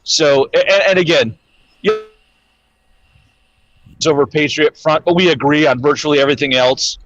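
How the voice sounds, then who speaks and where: A man with a fairly high voice talks as a guest in a casual chat. He is steady and earnest and restarts his phrases a lot. His voice arrives on a dull, dry remote line. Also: moderate pace, dry recording.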